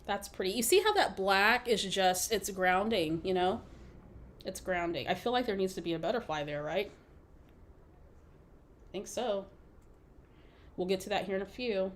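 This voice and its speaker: A woman hosts a live scrapbooking stream, chatting playfully with viewers and laughing often while she crafts. Her mid-range voice is animated at a normal pace, broken by long pauses, with slight background noise.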